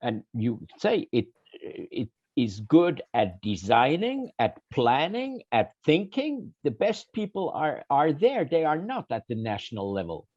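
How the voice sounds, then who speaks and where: Halting Swiss man, dull dry sound. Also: medium pitch, big pitch swings, darkish tone, no echo. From Switzerland. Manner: halting, with many restarts and repeated words. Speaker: panelist. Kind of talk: round-table discussion.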